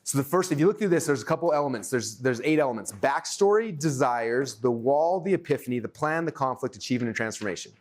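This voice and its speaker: Fast-talking excitable male workshop teacher. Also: mid-range voice. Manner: energetic, excitable, acts out his own thoughts.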